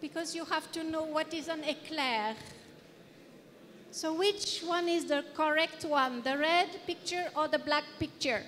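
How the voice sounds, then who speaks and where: A high-voiced woman with a French accent gives a playful lecture, quizzing the audience as she goes. She speaks slowly, taking her time. Her voice carries a long reverb from a large hall. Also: fairly bright tone. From France. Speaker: guest lecturer. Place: conference hall.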